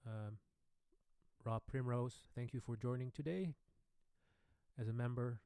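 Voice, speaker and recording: Brief: a man hosting a relaxed live-stream Q&A, mid-pitched, close and dry on a studio mic. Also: unhurried, smooth, no room sound. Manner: relaxed, chatty, thanks viewers by name, trails off softly. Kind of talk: casual live-stream chat. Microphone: studio microphone.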